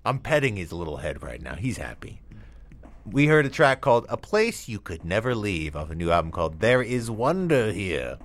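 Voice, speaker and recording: This radio host is a man with a fairly low voice who sounds very animated and talks at a normal pace. He meanders playfully through late-night chatter in his studio, addressing his dog between tracks. An echo comes from a studio microphone placed too far from him.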